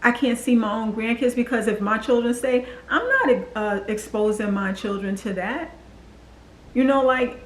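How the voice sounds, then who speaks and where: A woman's voice: fairly high pitch, moderate pace, echoey room, poor audio. Earnest woman in her forties confiding. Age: 40s. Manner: earnest, confiding, acts out quoted voices. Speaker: vlogger. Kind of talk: personal storytelling to camera.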